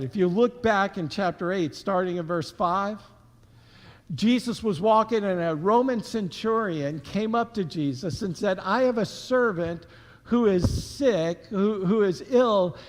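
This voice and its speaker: A man preaching a sermon as pastor, telling the story in a conversational, animated way with casual slang. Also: high voice, in a large hall. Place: church sanctuary.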